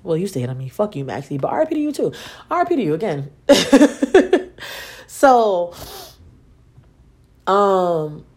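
Animated sarcastic young woman podcaster. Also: mid-range voice, measured pace, long pauses. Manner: animated, sarcastic, profane, acts out dialogue. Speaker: podcast host. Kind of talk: casual storytelling monologue.

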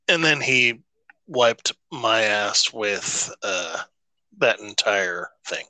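Casual podcast guy, bright tone, slow and meandering, dry close mic. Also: lowish voice, animated, dry recording. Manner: rambling, swearing, many restarts. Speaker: podcast co-host. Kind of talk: casual chat.

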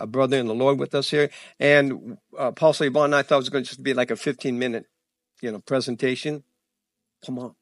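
A man pastor giving church announcements before his sermon, animated and excited, tripping over his words and laughing at himself. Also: mid-range voice, no room sound. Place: church sanctuary.

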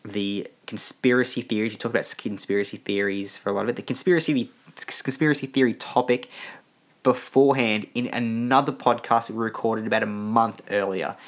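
Tired, rambling man, low voice. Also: fairly even intonation, fairly quick. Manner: rambling, many restarts and fillers. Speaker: podcast host. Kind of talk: casual solo podcast monologue.

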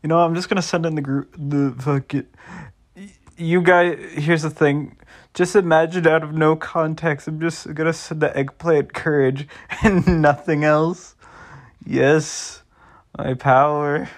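In an unhurried, steady voice on the high side, this young vlogger offers casual, rambling commentary to his audience. Swearing comes easily to him, and he keeps breaking into giggly laughter.

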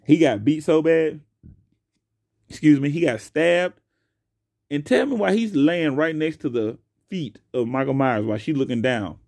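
A young man hosting his own podcast alone, talking casually and profanely into a close mic, swinging between loud outbursts and quiet asides. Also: a little high, expressive, unhurried, gravelly, dry recording. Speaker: podcast host. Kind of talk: casual solo podcast rant.

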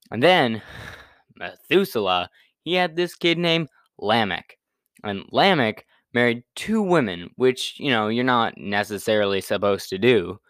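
A man's voice: medium pitch, a bit bright, clear, resonant tone, no room sound, clean studio sound. A young man casually retelling a Bible story in a laid-back, slangy way, full of fillers and restarts.

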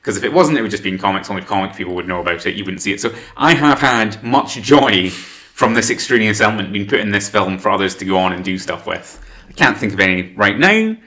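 A man's voice: lowish voice, animated, quick pace, bright, forceful tone. A man co-hosting a casual film podcast, wry and sweary, often restarting his sentences. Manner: wry, sweary, talks over himself. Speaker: podcast co-host.

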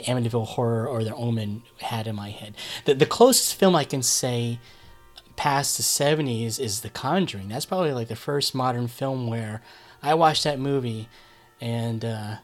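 A man in his forties co-hosting a casual movie chat, eager and tripping over his words as he restarts. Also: medium pitch. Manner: enthusiastic, stumbling restarts.

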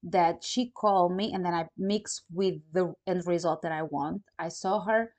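Lively woman telling a personal story. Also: lowish voice, moderate pace. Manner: animated, acts out quoted dialogue; non-native phrasing, fillers like "you know, like". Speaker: vlogger. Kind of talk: casual storytelling to camera.

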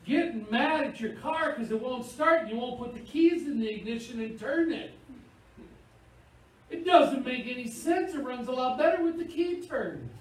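A man preaching a sermon in an animated, playful way, acting out little scenes. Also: very high voice, normal speed. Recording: echoey room, picked up from far off, faint hiss.

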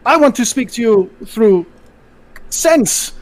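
Tabletop player, man, very high voice, impassioned and rhetorical, in character. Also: lively intonation, takes it slowly. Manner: impassioned, reasoning, rhetorical questions. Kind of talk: in-character speech in a tabletop game.

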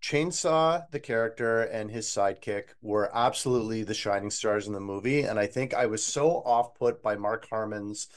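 A man co-hosting a podcast, reviewing an eighties movie in casual chat, opinionated and animated. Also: on the low side, moderate pace, few pauses. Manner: animated, opinionated, quotes scenes in a put-on voice. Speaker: podcast co-host.

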